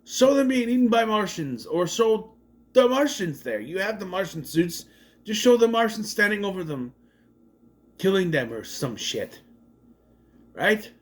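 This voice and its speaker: With a high voice, a slightly slow pace, and long pauses, a man casually goes over a movie, recapping and reviewing it. He's animated, drops swear words, and mocks scenes by doing exaggerated voices.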